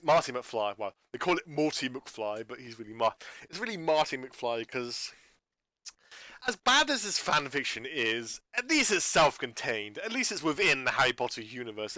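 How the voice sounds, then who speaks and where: A man's voice: medium pitch, sharp tone, no echo. A man talking in an unscripted rambling monologue, stumbling and restarting his sentences as he rants in exasperation about a video channel. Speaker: YouTuber reviewing a channel.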